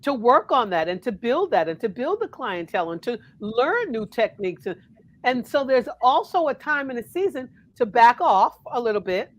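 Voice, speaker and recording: A woman from Connecticut, a minister, giving earnest counsel in a calm, preacherly way on a talk show. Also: on the high side, moderate pace. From Connecticut, USA.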